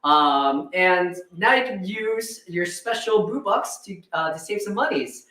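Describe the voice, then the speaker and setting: A man's voice: sits high, measured pace, pushed and bright. A man co-hosting a livestream and running giveaways, rambling in an upbeat way with lots of fillers. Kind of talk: livestream chat. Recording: echoey room.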